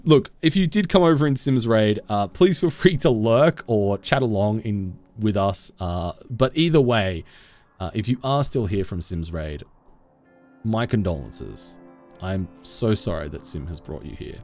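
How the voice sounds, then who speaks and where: A man's voice: lowish voice, expressive, measured pace, a little mellow, dry recording, faint music behind. A man streaming a game from home, chatting playfully with viewers and reading their messages aloud into a desk mic. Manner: playful, jokey, reads chat aloud. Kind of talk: casual live-stream chat with viewers.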